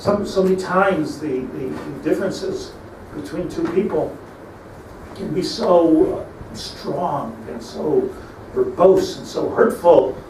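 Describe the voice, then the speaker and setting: A man's voice: on the high side, takes it slowly, a little mellow, a little hiss or hum. A middle-aged man, a rabbi, giving a storytelling sermon that mixes Hebrew terms into English and builds to emphatic peaks. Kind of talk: sermon on lamentations. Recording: echoey room, mic at a distance, faint ambience.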